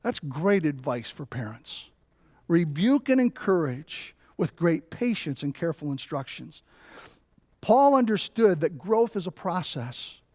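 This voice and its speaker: In a church, a middle-aged male pastor preaches a sermon through storytelling, tossing in rhetorical "right?" asides. His voice is slightly high, sing-song and a touch slow with a darkish tone, recorded cleanly in a studio with no room sound.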